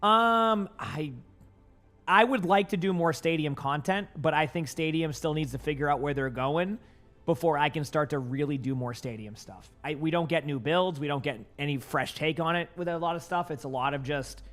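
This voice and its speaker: A man's voice: fairly high pitch, moderate pace, fairly bright tone, soft background music. A young man with a light Boston accent, a gaming streamer chatting casually with his viewers, rambling with lots of fillers and restarts. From Boston area.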